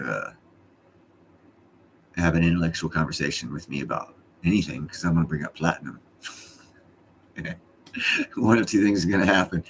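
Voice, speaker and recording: A middle-aged man runs his own live stream from home, his deep voice carrying over slight background noise. He chats casually, rambling along in a blunt, profane way.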